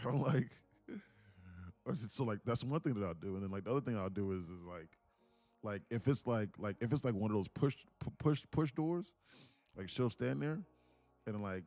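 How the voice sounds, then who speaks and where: Low mellow-voiced man chatting on a stream. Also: lively intonation, moderate pace, no room sound, soft background music. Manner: rambling, laughs through stories, many fillers. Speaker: livestream host, day trader. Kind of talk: casual live-stream chat.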